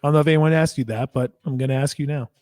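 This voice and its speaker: A man's voice: mid-range voice, very fast, no echo. A man co-hosting sports radio, dropping wry questions and quips. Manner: wry, quizzing, deadpan questions. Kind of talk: casual sports radio banter. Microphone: studio mic.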